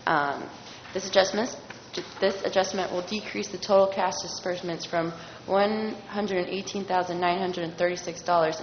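A woman on staff reporting to a board, reading out figures carefully and correcting herself as she goes. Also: on the low side. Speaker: district staff member. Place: public board meeting room. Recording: echoey hall, dull lo-fi sound, faint noise.

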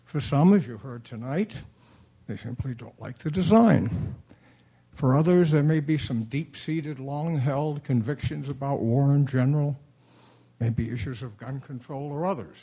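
Measured man with a mellow voice. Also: mid-range voice, slightly rough. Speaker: public commenter at city council. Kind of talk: prepared public comment speech.

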